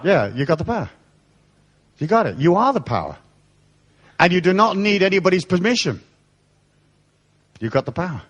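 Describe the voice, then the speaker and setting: Guy giving a live seminar, swings his voice up and down a lot, blunt and sweary, kinda high voice. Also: normal speed, pauses often. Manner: animated storytelling, blunt and profane. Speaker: seminar speaker. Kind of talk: live seminar talk with anecdotes.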